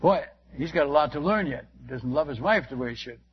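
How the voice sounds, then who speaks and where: An older man, a missionary preacher, telling stories in a sermon, animated and acting out the dialogue with frequent restarts. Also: fairly high pitch, brisk, muffled recording, slight background noise. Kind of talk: sermon storytelling.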